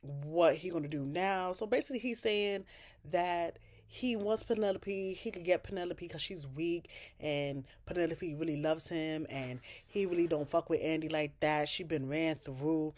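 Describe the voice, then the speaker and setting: A woman casually recapping a TV episode, talking in an animated, slangy, profane way. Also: low voice, measured pace. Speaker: TV show recapper.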